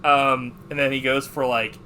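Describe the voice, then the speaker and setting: Podcast host, male, bright and forceful tone; animated, profane retelling of movie scenes. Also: medium pitch, normal speed, a little hiss or hum. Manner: animated retelling, heavy swearing, many fillers. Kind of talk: casual movie review chat.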